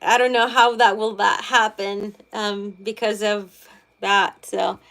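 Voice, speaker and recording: A woman's voice: medium pitch, flat delivery, slow, fairly bright tone. A middle-aged woman reading tarot on a livestream and chatting casually with viewers, rambling and gushing with many restarts. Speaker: tarot reader, livestream host.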